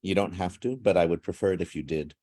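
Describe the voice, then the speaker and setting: A man's voice: deep voice, fast talker, dark tone. A man from Guam hosting a language class showcase over a video call, chatty and joking as he switches between languages. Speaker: language class teacher and host.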